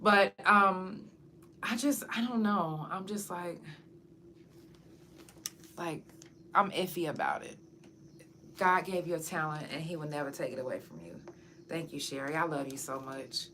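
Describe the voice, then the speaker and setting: A woman's voice: low-pitched, measured pace, pauses often, bright, forceful tone, a little hiss or hum. A woman podcast host and singer, chatting frankly and casually with her audience, swearing freely. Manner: talks straight to her audience. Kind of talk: casual chat to camera.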